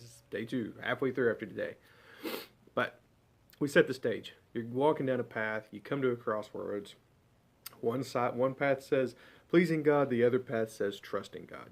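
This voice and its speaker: A man's voice: mid-range voice, gravelly. Casting: man, easygoing devotional host, storytelling delivery. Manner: conversational storytelling, folksy. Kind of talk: short devotional talk.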